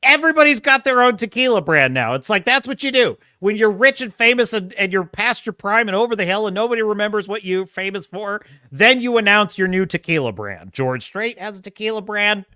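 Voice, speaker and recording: A man's voice: high-pitched, fairly quick, hardly any pauses, clean tone, dry recording, clean studio sound. A man hosting a podcast, ranting mockingly with frequent laughs. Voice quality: mocking, animated, laughs often. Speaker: podcast host. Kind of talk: ranting commentary.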